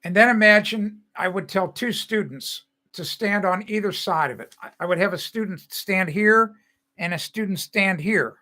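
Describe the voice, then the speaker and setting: A man's voice: sits high, normal speed, sharp tone. An older man hosting a live stream, talking casually in a chatty, rambling and opinionated way, with frequent restarts. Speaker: host.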